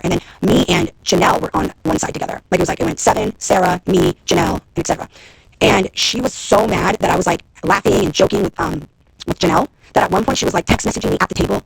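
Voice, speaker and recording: Brief: woman in her thirties ranting on a phone livestream, rapid-fire delivery with a gravelly fry, swearing freely, exasperated. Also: lowish voice, poor audio. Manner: fast, profane, venting and exasperated. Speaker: reality TV personality and executive producer. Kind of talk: Instagram live rant to viewers.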